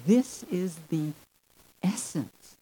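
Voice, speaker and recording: Man, pulpit preacher, slow and deliberate, emphatic swells in volume. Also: high-pitched, animated, husky, rough recording. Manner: emphatic, drawn-out phrases with sudden swells in loudness; addresses the audience as folks and friends. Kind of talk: sermon.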